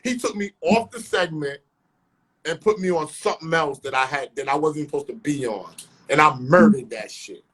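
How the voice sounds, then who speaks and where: A man from South Jamaica, Queens, a rapper and actor, telling animated stories in street slang during a casual interview. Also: on the high side, normal speed, a little hiss or hum. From South Jamaica, Queens, New York. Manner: animated storytelling, street slang, acts out dialogue.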